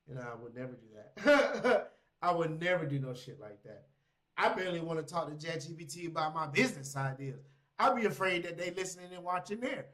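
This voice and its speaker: A man's voice: a little high, a bit bright. A man livestreaming casual reaction commentary, loose and slangy, laughing often. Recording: roomy echo.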